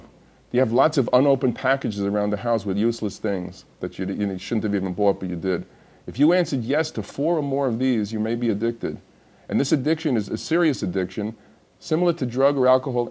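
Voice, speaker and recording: A man hosts a television health talk show. He speaks in an easygoing, chatty way, addresses the viewers at home directly, and has a voice of middling pitch. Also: darkish tone. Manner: chatty, laughs through his own joke. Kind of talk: casual TV talk.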